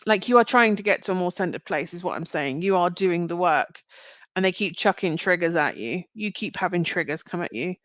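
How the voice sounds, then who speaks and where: A woman's voice: fairly low pitch, lively intonation, brisk, a bit bright, dry recording. A British woman hosting a livestream, giving card readings to chat viewers in a chatty, rambling way with frequent giggles. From Britain.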